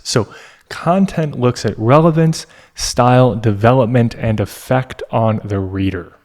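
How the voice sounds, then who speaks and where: Slow, deliberate male English tutor. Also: medium pitch, darkish tone. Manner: slow, deliberate, teacherly with pauses. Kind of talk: explanatory lesson.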